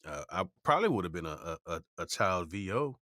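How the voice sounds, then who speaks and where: Very deep voiced guy telling stories, animated, dry close sound. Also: fairly quick, dry recording. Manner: animated storyteller who slips into playful voices for quotes. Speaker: voice actor guest. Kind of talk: relaxed interview storytelling.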